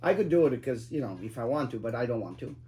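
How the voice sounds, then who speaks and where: A man's voice: mid-range voice, animated, quick pace, mellow. A middle-aged man telling cab-driving stories in casual chat, profane and emphatic, rambling with lots of fillers.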